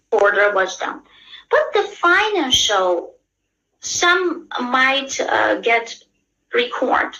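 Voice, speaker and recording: A woman's voice: sits high, bright, forceful tone, dull audio. A woman with a Persian accent teaching an English exam class, explaining patiently and checking in with her students often. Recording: echoey room.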